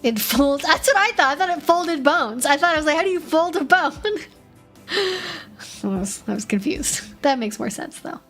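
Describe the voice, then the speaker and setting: A woman's voice: sits high, expressive, normal speed, a bit bright. Chatty woman streamer, faint music. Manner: chatty, reads chat aloud, frequent fillers and restarts. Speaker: stream host answering chat questions. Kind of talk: casual live-stream chat.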